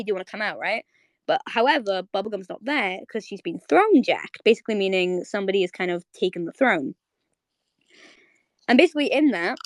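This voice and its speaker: A young woman hosts a casual live audio chat, talking excitably and circling back with many restarts. Her pitch sits in the middle, and the room sounds dry and close. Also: no room sound. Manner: rambling, fillers and restarts, excitable. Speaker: host. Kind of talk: casual chat recapping a cartoon episode. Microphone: streaming audio mic.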